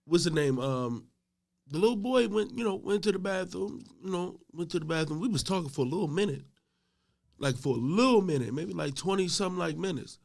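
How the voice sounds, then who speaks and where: Gravelly middle-aged man telling stories. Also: sits high, animated, brisk. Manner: laid-back, gets loud and laughing when telling a story. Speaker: podcast guest. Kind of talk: casual storytelling chat.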